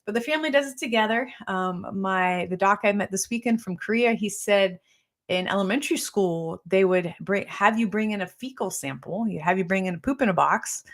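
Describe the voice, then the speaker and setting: A middle-aged woman health practitioner talks her viewers through their questions in a loose, conversational way. She keeps checking in with a quick "right?" as she goes. Her nose is running slightly. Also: mid-range voice. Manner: casual, conversational, tags points with "right?". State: runny nose. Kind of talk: live Q&A talk answering viewer questions.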